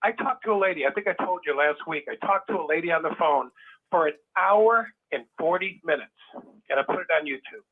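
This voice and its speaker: A man calling in to a talk show with a fairly high voice. He talks with emphasis, circles back to the same points and acts out the people he quotes. The sound is thin and tinny, like a telephone line. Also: animated, a little fast, breathy edge. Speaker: caller. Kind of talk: animated phone-in chat.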